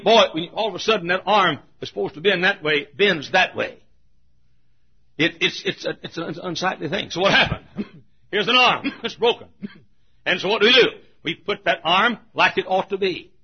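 Husky high-voiced preacher, shouting and hushing. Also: male voice. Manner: emphatic preaching, swinging between shouts and hushed asides. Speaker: pastor. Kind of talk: sermon. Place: church. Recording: dull lo-fi recording.

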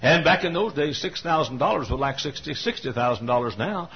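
Fervent high-voiced preacher. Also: male voice, lively intonation, brisk. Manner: fervent storytelling preacher, rising to cries. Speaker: pastor. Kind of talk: sermon. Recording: dull lo-fi sermon recording.

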